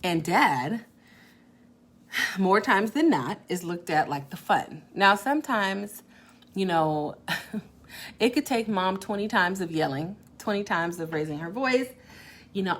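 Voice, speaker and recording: Woman, middle-aged, live-stream host, casual parenting chat, animated, mid-pitched. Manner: animated, quick asides, laughs often. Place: her salon suite.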